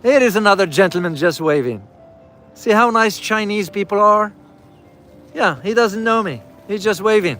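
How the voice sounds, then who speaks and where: Over faint music, a man with a high-pitched, slightly bright voice and lively intonation speaks at a moderate pace. He's riding through a city and chatting casually to his viewers, whom he calls "guys," repeating key phrases to emphasize them.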